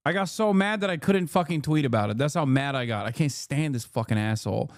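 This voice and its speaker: A man's voice: medium pitch, lively intonation, quick pace, no room sound, studio quality. A man streaming a reaction video, ranting in a heated, profane, emphatic way. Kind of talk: live-stream reaction rant.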